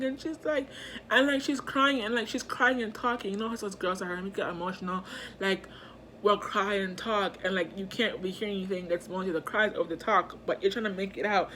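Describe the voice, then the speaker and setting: A woman's voice: medium pitch, moderate pace, slight background noise. Chatty young woman telling a storytime. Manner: chatty, animated, lots of fillers, slang. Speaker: vlogger. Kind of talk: casual storytime.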